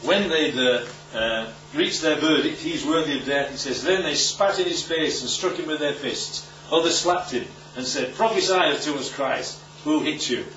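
A man's voice: a little high, moderate pace, hardly any pauses, a little hiss or hum. A man preaching to a live audience, teaching emphatically and checking in with rhetorical questions. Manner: emphatic, lively teaching delivery. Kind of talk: sermon-style Bible teaching. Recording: echoey, distant, muffled room recording.

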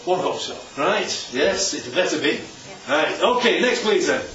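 Very animated but at a measured pace, this man's voice is on the high side and a bit bright as he leads an interactive sermon for a Bible study. He keeps asking "right?" after almost every point, and the audio is echoey from a distant, dull mic.

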